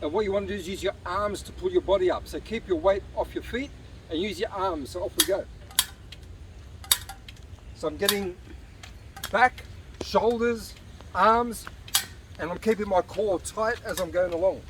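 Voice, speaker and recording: A man's voice: sits high, brisk. A man, coaching viewers through an outdoor workout while slightly out of breath, encouraging as he exercises. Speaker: fitness coach. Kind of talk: casual workout demonstration. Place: outdoor beach park. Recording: distant outdoor mic with traffic noise.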